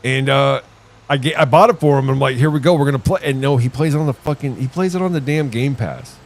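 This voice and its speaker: A man's voice: mid-range voice, a little fast, slight background noise. A middle-aged man giving profane, rambling commentary while streaming a video game. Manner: profane, rambling, animated storytelling. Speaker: gaming streamer. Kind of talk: casual live gameplay commentary.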